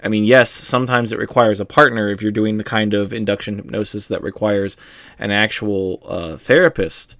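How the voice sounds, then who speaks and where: A man with a fairly low voice talks through a topic in a loose, rambling way, with lots of fillers and the occasional swear. The sound is dry and close, with almost no room echo. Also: fairly even intonation, normal speed, a bit bright. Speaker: host explaining hypnosis. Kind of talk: casual explanatory monologue.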